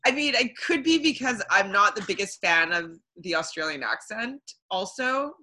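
A young Canadian woman co-hosts a casual podcast, loosely recapping a reality show with lots of ums and likes and frequent laughter. Her mid-range voice is expressive, bright and pushed, moving at a moderate pace.

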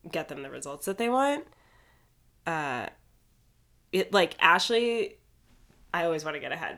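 A woman's voice: low-pitched, a bit bright. A woman co-hosting a podcast, recapping a reality show in casual chat, blunt and sarcastic and swearing freely. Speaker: podcast co-host.

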